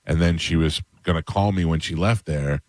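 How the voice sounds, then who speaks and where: A radio host in his forties with a very low voice tells a family story in easy chat and acts out each person's lines. The studio sound is dry and close. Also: normal speed, a little mellow, no room sound. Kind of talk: casual morning radio chat. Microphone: studio microphone.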